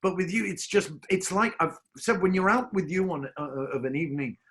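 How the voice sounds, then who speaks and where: Guy hosting a video call chat, flowery theatrical way of talking, slightly high voice. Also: lively intonation, a little fast, fairly bright tone. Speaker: host. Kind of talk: casual interview on a video call. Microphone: video call microphone.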